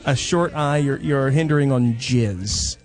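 A man's voice: mid-range voice, unhurried, a little mellow. A man co-hosting a comedy radio show, playfully repeating lines for laughs. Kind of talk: casual comedy radio banter.

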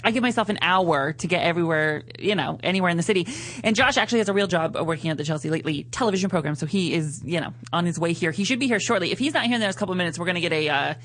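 A man's voice: high voice, racing, few pauses, a bit bright. Chatty, giggly radio host man. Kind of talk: casual live radio chat. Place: radio studio.

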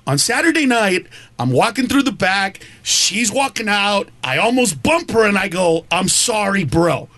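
A man's voice: high voice, very animated, moderate pace, pushed and bright, no room sound. A man from Honduras, a comedian guest, telling stories animatedly, laughing often and acting out quotes. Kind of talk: comedic storytelling on a talk show.

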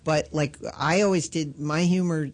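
Woman comic telling a story, animated, lots of you-knows and restarts. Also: sits low, moderate pace. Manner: animated, self-deprecating, many fillers and restarts. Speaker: guest comedian. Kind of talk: casual chat, storytelling.

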